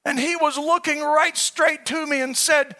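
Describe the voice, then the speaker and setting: A man's voice: very high-pitched, fairly even intonation, measured pace, bright, forceful tone. A man preaching a sermon, impassioned and repeating his phrases as he builds.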